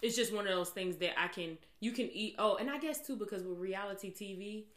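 A woman hosting a casual chat, animated and quick to laugh and exclaim. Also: medium pitch. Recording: echoey room.

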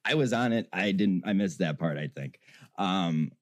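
A man's voice: low-pitched, lively intonation, a little slow, no echo. A man hosting an online show, talking casually, laughing often and swearing freely. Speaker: show host. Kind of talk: casual chat.

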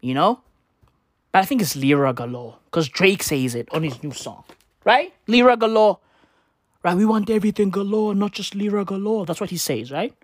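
A man's voice: fairly high pitch, dry recording, clean studio sound. A man ranting casually to camera, profane and slangy, rambling with constant rhetorical questions. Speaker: vlogger.

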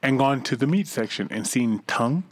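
A man's voice: mid-range voice, fairly quick, dry recording. A man co-hosting a podcast, telling profane stories in casual chat. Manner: animated profane storytelling. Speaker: podcast co-host.

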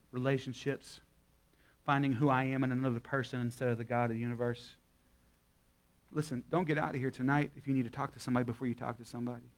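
A man's voice: mid-range voice, little pitch movement, fairly quick, long pauses. A young adult man preaching to his congregation in a folksy, conversational way, telling a story and then leading a prayer. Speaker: guest pastor. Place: church service before a live congregation.

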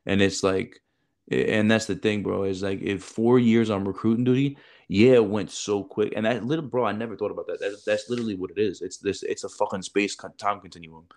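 A man's voice: fairly low pitch, steady tone, a little fast, a little mellow. A man chatting casually as a podcast co-host, rambling and profane, with lots of "bro" and "like". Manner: loose, profane, peppered with "bro" and "like". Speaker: podcast co-host, former military recruiter. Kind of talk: casual chat.

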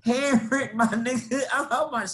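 A young Kentucky man with a lilt tells a story for his podcast in loose, slangy chat. He is animated and laughs easily, and his voice leaps up high whenever he acts out what he said. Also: moderate pace. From Kentucky, USA. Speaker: podcast co-host. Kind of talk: casual storytelling.

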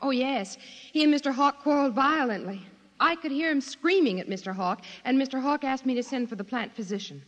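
An actress playing an earnest secretary testifying in an old radio drama. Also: female voice, high-pitched, lively intonation, fairly quick, fairly bright tone, lo-fi sound. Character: earnest female secretary witness. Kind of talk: 1950s radio drama acting. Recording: long reverb.

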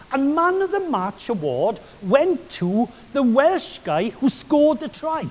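A man's voice: very high voice, darkish tone. A man preaching a sermon as a pastor, telling enthusiastic, chatty stories full of asides, recorded in a hall with long reverb.

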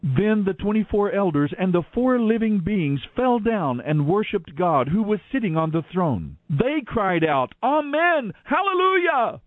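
A man giving a dramatic, expressive scripture reading on radio, heard over tinny lo-fi audio. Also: sits high, a little slow, dry recording. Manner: expressive, declaiming delivery. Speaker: Bible reader on radio.

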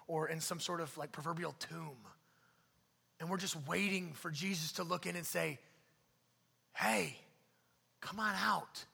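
Man preaching, high gravelly voice, bright and husky tone, long hall reverb, shouts and hushed near-whispers. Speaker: pastor. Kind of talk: sermon. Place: church sanctuary.

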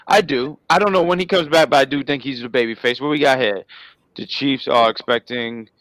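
A man co-hosting a casual wrestling review who talks in an animated way, repeating words and stumbling into his points. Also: mid-range voice, brisk, no room sound, rough recording. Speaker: co-host.

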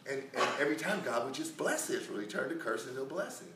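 A man's voice: mid-range voice, expressive, fast talker, sharp tone, slight background noise. A man telling a Bible story in a casual, rambling sermon, full of restarts and acted-out quotes. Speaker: preacher. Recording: echoey room, recorded from a distance.

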